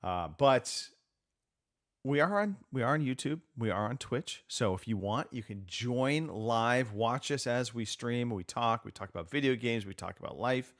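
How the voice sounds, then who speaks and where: A man's voice: medium pitch, expressive, moderate pace, fairly bright tone. A man hosting a casual live podcast, joking around and drifting off on tangents. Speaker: podcast host. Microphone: remote call setup.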